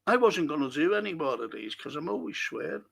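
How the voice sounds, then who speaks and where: Gravelly, bright-voiced man. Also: a little high, big pitch swings, fairly quick. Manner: blunt, exasperated, swears often. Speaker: host of a fan live stream. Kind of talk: casual chat reading viewer comments.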